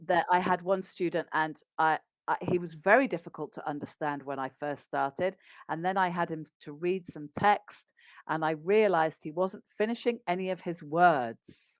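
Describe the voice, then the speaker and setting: A woman's voice: lowish voice, moderate pace, no echo. A woman with an English RP accent, a business English coach, explaining practical tips in an upbeat conversational interview.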